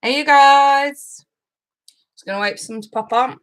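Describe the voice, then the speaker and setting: A woman's voice: sits high, normal speed, a bit bright, low-quality recording. A woman, a tarot reader hosting a live stream in a casual chat, greeting viewers by name, swearing freely and emotional, laughing through it. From United Kingdom.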